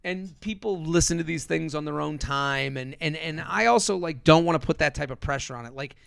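A comedian chatting casually on a podcast, rambling with many fillers and restarts. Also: male voice, on the high side, a little fast, gravelly, fairly bright tone, smooth, no echo, studio quality.

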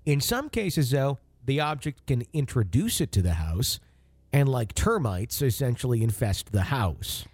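A man's voice: mid-range voice, very animated, measured pace, darkish tone, breathy edge, no echo. A man co-hosting a podcast, chatting casually with many fillers and joking, then reading listener stories aloud. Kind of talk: casual chat and story reading. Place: home studio.

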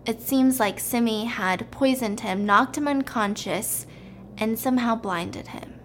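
High-voiced woman animatedly retelling a film. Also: unhurried, a little hiss or hum. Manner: animated, chatty, checking in with listener. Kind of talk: casual retelling of a film plot.

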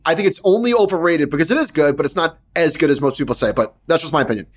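A middle-aged man chats on his podcast at a brisk clip. He gets animated and protests when teased, his pitch jumping up. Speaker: podcast co-host. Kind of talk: casual chat.

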